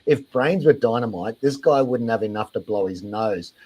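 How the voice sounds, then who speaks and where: A man's voice: lowish voice, normal speed, dark tone, low-quality recording. A man with an Australian accent giving sarcastic reaction commentary on a video, mocking and exasperated, swearing freely.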